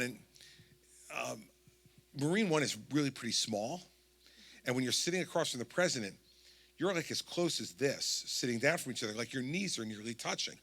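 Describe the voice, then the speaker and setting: Addressing a town hall audience, a New Jersey-accented man in his sixties spins a lengthy anecdote in a campaign speech. His voice is bright and forward at an ordinary middle pitch, and he performs every quoted line as he goes.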